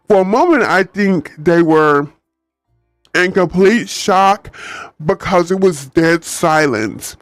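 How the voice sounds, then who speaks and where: A man's voice: high voice, takes it slowly, no echo, studio quality, faint music behind. A man reading a novel aloud on stream, breaking off for chatty, joking asides. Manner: animated, chatty, laughs at own jokes.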